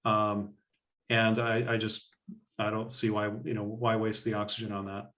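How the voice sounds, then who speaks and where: A man's voice: on the low side, moderate pace, far from the mic. A middle-aged man, a guest scientist, chatting casually and telling stories with lots of fillers and acted-out quotes. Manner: animated, acts out quoted voices, frequent fillers. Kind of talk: casual storytelling in an interview.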